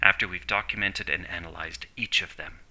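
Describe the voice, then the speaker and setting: Cool sarcastic older lady in charge, as a man reads her, low and sharp. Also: fairly even intonation, fairly quick, full character voice, low-quality recording. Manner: disdainful, dry. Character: older woman team leader, cool and sarcastic.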